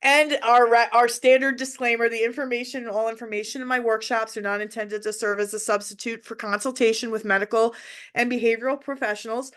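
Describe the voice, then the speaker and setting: Speaking from a hotel room, a middle-aged woman runs an emotional webinar for parents, talking directly and from the heart while often restarting her sentences. She sounds a little high and a bit bright, with a steady tone and brisk delivery.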